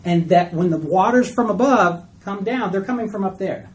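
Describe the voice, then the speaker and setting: A man's voice: sits high, expressive, moderate pace, rough recording. A man teaching a casual Bible study class. He keeps checking in with the group by asking "okay?" and "right?".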